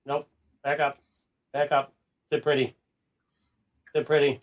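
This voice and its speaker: On dull audio, a man hosting a casual coin-hunting livestream talks a little slowly with a flat delivery and a fairly high pitch. He jokes and chats, throws in the odd swear, and snaps brief, firm orders at his dogs.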